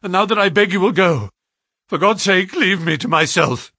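A man voicing a nervous male company manager who talks in a rushed, strained, pleading way. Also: mid-range voice, big pitch swings, a bit bright, dry recording, studio quality. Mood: frantic.

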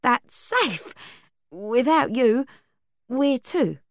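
A woman's voice: high-pitched, sing-song, extremely slow, no echo, studio quality, pitched above the performer's own voice, exaggerated voice. Woman reader playing a nervous, jokey teen boy, babbling, storybook. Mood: explaining.

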